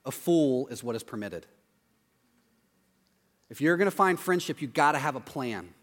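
A man's voice: mid-range voice, expressive, moderate pace. Man preaching in a reverberant church hall. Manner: conversational, acts out quotes with loud yelps. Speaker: pastor. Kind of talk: sermon. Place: church auditorium. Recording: long hall reverb, faint music.

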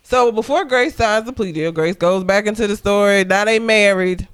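A woman's voice: medium pitch, normal speed, smooth. A woman co-hosting a casual podcast, animatedly retelling a film's plot with lots of profanity. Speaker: podcast co-host. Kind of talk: casual movie recap chat.

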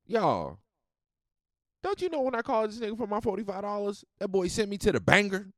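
Animated, profane man telling a story. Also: sits high, a little fast, no room sound, clean studio sound. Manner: animated, profane, swings loud and soft. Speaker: podcast host. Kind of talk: casual storytelling monologue.

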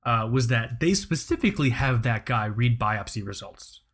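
A man's voice: mid-range voice, lively intonation, moderate pace. A man hosting a podcast, telling stories in casual chat, swearing a lot, rambling and laughing often. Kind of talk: casual comedic storytelling.

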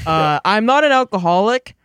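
Young man, high lively voice, defensive joker, dry mic. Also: normal speed, clear, resonant tone, no room sound. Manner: defensive, joking. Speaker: podcast co-host. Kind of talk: casual banter among friends.

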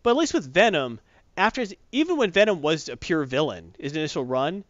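A man's voice: fairly high pitch, expressive, a little fast, fairly bright tone, dry recording. A man casually reviewing comic books, sarcastic and exasperated, rambling through his opinions. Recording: dull, lo-fi, dry.

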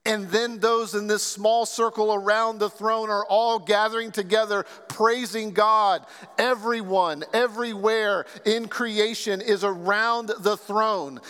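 A man with a fairly high voice delivers an earnest sermon, stacking phrase upon phrase with deliberate emphasis. His words ring out with a long reverb, as if spoken in a large church sanctuary. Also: a bit bright, smooth. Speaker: pastor.

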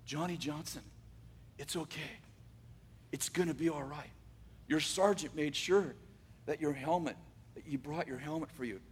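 A man doing a gentle young nurse, soft-spoken. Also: a little high, moderate pace, long pauses, in a large hall, slight background noise, lightly acted. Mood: soothing. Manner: soft, soothing.

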